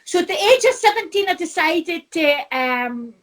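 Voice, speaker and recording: A woman's voice: very high voice, lively intonation, normal speed, fairly bright tone. A middle-aged Scottish woman, a spiritual medium, telling her own story in a heartfelt, rambling way with many restarts. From Scotland. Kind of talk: personal storytelling.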